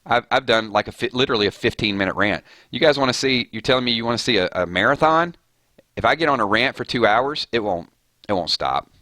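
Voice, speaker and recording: Male streamer, rambling and fired up; crisp forceful tone, close dry mic. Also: mid-range voice, expressive, fast, dry recording. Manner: fired-up, rambling, laughs often. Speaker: gaming streamer. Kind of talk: casual live-stream chat.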